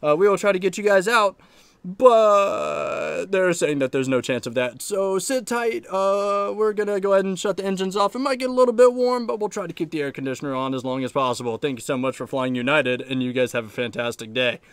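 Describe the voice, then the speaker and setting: A calm male airline pilot gives a cabin announcement, put on by a man retelling a story. The voice sits somewhat high and sounds close and dry. He stays steady and polite. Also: fairly quick, clear, resonant tone, no room sound. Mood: announcing.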